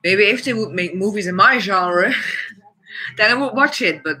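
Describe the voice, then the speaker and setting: A Dutch-accented man chatting on his own live stream, blunt and opinionated, with "it's like" in nearly every sentence. His voice sits high for a man and rings very bright and forceful. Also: expressive, measured pace, slightly rough, rough recording. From Netherlands. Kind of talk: casual live stream chat.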